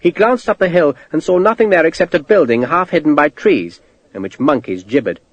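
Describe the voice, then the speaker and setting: A man narrating a historical war novel as an audiobook, with an expressive storytelling delivery. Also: fairly high pitch, fairly quick, highs cut off. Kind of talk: scripted narration.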